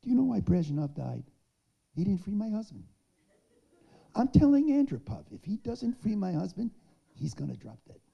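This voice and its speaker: A man voicing a fierce, defiant woman who issues warnings, emphatic and declaiming in a raised, higher voice. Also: very animated, normal speed, vocal fry, long pauses, slightly rough, muffled recording, full character voice.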